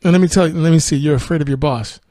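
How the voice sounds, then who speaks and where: A man's voice: a little high, rapid-fire, warm tone, no echo, studio quality, lightly acted. A man quoting an eccentric cartel boss. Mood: smug. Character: eccentric male cartel boss, menacing fanatic of a famous band.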